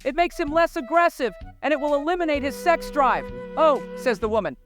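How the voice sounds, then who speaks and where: A high-voiced woman tells a string of jokes and laughs at her own punchlines. Faint music plays behind her. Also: lively intonation, fairly quick. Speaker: joke teller. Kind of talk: telling jokes.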